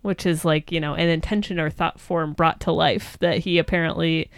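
A woman's voice: low-pitched, fairly even intonation, moderate pace, gravelly, clear, resonant tone, no room sound, clean studio sound. A young adult woman co-hosting a podcast, recapping a TV episode in chatty, joking conversation. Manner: chatty, joking, lots of fillers. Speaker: podcast co-host. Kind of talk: casual episode recap chat.

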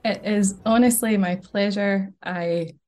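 A woman's voice: mid-range voice, steady tone, takes it slowly, darkish tone, soft background music. A young woman guest on a podcast, chatting in a bubbly way and laughing often. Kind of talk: casual podcast chat.

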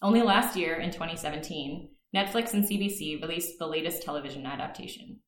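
A woman's voice: low-pitched, a little fast, reverberant. A Canadian woman hosting a podcast, chatting casually and reading an enthusiastic scripted intro. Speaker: podcast host.

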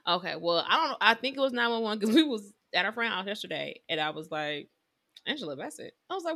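Animated woman telling funny stories. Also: medium pitch, fast talker, creaky. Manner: animated storytelling with playful impressions and laughter. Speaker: podcast co-host. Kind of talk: casual chat.

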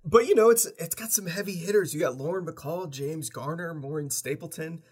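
Husky higher-voiced man gushing about films. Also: fairly quick. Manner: enthusiastic, swears casually. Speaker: podcast co-host. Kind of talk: casual film discussion.

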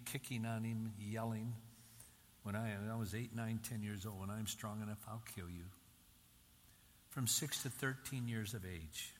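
Older guy preaching, low voice, repeats his points harder each time, big echoey hall with faint room noise. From Michigan, US. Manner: emphatic, repeating key phrases with rising intensity. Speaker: Christian speaker. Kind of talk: sermon-style talk to an audience. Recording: reverberant hall, faint ambience.

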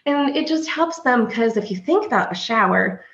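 A woman's voice: a little high, expressive, moderate pace, a bit bright. A woman hospice nurse explaining a condition in a podcast conversation, earnest and full of everyday stories, sometimes voicing what patients think. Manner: earnest, anecdotal, acts out patients' thoughts. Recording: echoey room, slightly dull sound.

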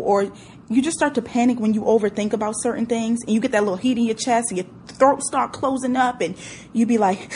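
A woman's voice: fairly high pitch, a little mellow, slight background noise. A young woman talking casually to her listeners, candid and brash, swearing freely and reacting with emotion. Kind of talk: casual solo talk to listeners.

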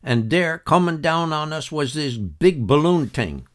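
A man's voice: on the high side, animated, a little slow, voice pushed up. A man voicing an old male storyteller with a Newfoundland accent, telling a tale in folksy dialect. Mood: excited yarn.

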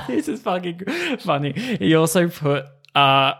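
A man's voice: fairly high pitch, animated, unhurried, gravelly, a bit bright. A man co-hosting a podcast, telling stories in casual chat with lots of laughing and swearing. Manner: giggly, swears often. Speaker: podcast co-host.

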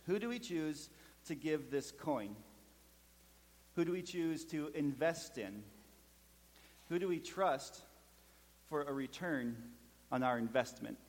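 A man's voice: fairly high pitch, lively intonation, slow, pauses often, long reverb tail. A man in his thirties with a Minnesotan accent, preaching a sermon and telling stories with jokes, often checking in with "okay?". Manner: storytelling with jokes, frequent "okay?" check-ins. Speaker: pastor.

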